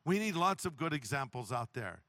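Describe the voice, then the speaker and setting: A man preaching a sermon as a pastor, telling a humorous story with lively delivery. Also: fairly high pitch, moderate pace, no room sound.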